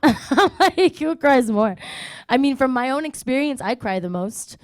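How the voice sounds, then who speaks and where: Young woman, singer as interview guest, high-pitched, laughs a lot, rambling chatty stories, dry close sound. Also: expressive, unhurried, no echo. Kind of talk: casual radio interview chat.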